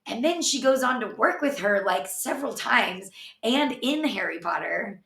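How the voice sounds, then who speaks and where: A woman's voice: a little high, expressive, moderate pace, gravelly, fairly bright tone. A woman co-hosting a podcast in casual chat, telling rambling stories full of fillers. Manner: rambling, filler-heavy storytelling. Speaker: podcast co-host. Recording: echoey room, distant mic.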